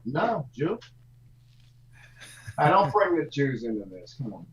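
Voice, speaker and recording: A man's voice: mid-range voice, very animated, slow pace, roomy sound, highs cut off. A man chatting as a co-host, joking and restarting his sentences. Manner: jokey, stumbling restarts. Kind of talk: casual chat.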